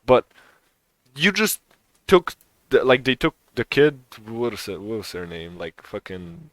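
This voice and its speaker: A man's voice: medium pitch, sing-song, measured pace, a bit bright, no room sound. A young man co-hosting a podcast in a casual chat, rambling, swearing and laughing often. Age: young adult. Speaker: podcast co-host.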